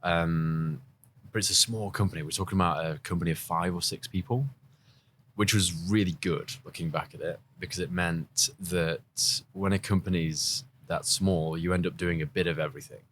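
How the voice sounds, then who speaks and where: A man's voice: low voice, fairly even intonation, moderate pace, fairly bright tone, a little hiss or hum. An English man, a podcast guest and video journalist, telling his story in a chatty, rambling way. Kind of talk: casual interview talk.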